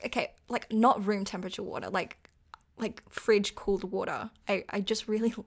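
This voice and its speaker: A woman's voice: medium pitch, normal speed. Young aussie woman, chatty and giggly, pokes fun at herself. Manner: giggly, chatty, self-deprecating. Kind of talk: casual chat.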